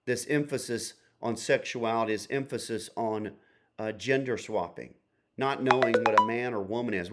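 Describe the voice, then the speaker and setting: A man hosting a solo opinion podcast, talking emphatically in lists and rhetorical questions. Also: fairly low pitch. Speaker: podcast host. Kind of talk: opinion monologue.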